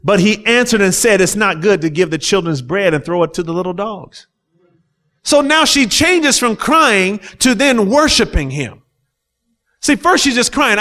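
A man's voice: high-pitched, lively intonation, unhurried, fairly bright tone. A man preaching a sermon, reading scripture aloud and explaining it with rising fervor. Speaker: pastor.

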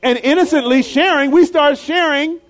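A pastor preaches a sermon at normal speed, his voice sinking low and soft before climbing high and loud. He acts out the voices of the people in his stories.

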